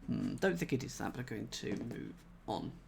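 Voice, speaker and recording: A man's voice: medium pitch, animated, normal speed, gravelly, a little hiss or hum. A man thinking aloud as he solves a cryptic crossword live, chatting with viewers and laughing at himself. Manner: chatty, reads chat aloud, self-mocking laughs.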